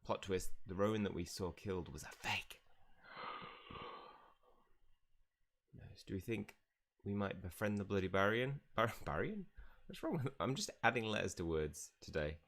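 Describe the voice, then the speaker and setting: A man's voice: on the low side, animated, a little slow, long pauses, fairly bright tone. A man streaming a video game live, making joking, self-mocking asides while reading along. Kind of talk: livestream gameplay commentary.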